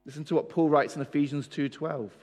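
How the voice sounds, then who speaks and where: A man delivers a sermon with a fairly high voice, his words ringing through a long hall reverb. He drives each point home with rhetorical questions and emphatic repetition. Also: steady tone, fairly quick, darkish tone. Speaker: preacher.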